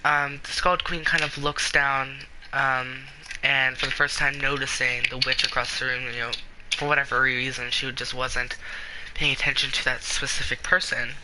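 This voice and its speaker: A man's voice: mid-range voice, level tone, normal speed. A man narrating a tabletop role-play as game master, hesitant and full of fillers. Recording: background noise.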